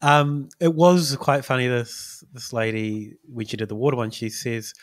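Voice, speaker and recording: A man's voice: medium pitch, steady tone, normal speed, hardly any pauses. A man, a podcast host rambling through stories with small chuckles. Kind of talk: casual chat.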